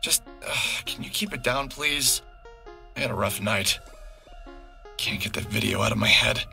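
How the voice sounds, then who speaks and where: A man's voice: medium pitch, moderate pace, vocal fry, sharp tone, reverberant, distant mic, soft background music. An actor playing a tired, guilt-ridden young man just out of college, reluctant in talk and brooding in his inner narration. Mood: weary. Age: young adult. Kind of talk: game dialogue and inner narration.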